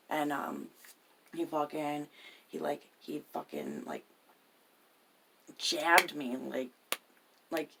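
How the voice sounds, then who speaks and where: A woman's voice: sits low, creaky, a bit bright, slight background noise. A woman telling a personal story in an agitated, profane way, often dropping her voice to a whisper. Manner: agitated, swears constantly, drops into whispers.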